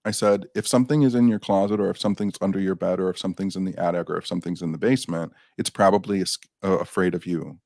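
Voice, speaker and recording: A man with a low, gravelly voice, chatting casually and spinning anecdotes with lively quoted dialogue. The sound is dry and close, with no room around it. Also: fast, few pauses, no echo. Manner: animated anecdote teller, acts out quotes. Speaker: guest paranormal investigator. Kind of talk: casual storytelling chat.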